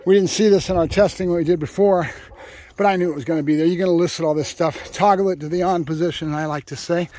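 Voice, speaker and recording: A dog trainer with a high-pitched voice talks to the camera in a relaxed way. He explains things plainly, then his voice leaps up into bright, eager praise for the dog. It has the easy feel of a casual training vlog. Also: fast, a little hiss or hum.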